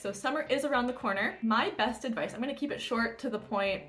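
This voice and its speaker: A woman competing in bodybuilding, telling a story and giving diet tips in a chatty, animated way that swears freely. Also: on the high side, fairly quick, hardly any pauses, faint music behind. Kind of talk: casual storytelling vlog.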